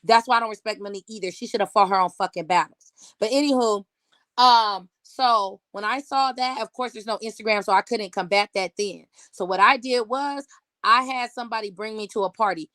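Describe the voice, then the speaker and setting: A woman's voice: mid-range voice, brisk, sharp tone, no room sound. 30s woman guest going off, cussing a lot, straight-talking, dry close mic. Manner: blunt, profane, heated storytelling. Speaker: podcast guest. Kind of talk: casual chat.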